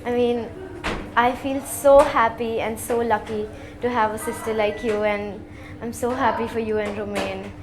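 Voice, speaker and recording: A woman's voice: on the high side, steady tone, moderate pace, noisy background. A woman, the bride's sister, giving a gushing, emotional wedding toast.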